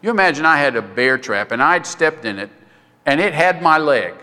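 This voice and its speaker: A man preaching a sermon in a conversational way, jumping his pitch up high when he acts out other voices. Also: sing-song, moderate pace, bright, forceful tone, in a large hall. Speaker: pastor.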